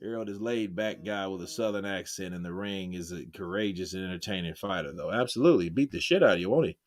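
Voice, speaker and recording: A man's voice: low voice, fast. A man hosting a live stream with casual, crude, jokey commentary. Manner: joking, crude, laughs often. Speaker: livestream host.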